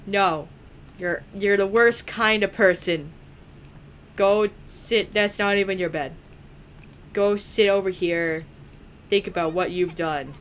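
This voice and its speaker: A woman's voice: mid-range voice, slow pace, long pauses, a little hiss or hum. A young woman chatting playfully through a let's play, teasing the characters and laughing often. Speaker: gaming video creator.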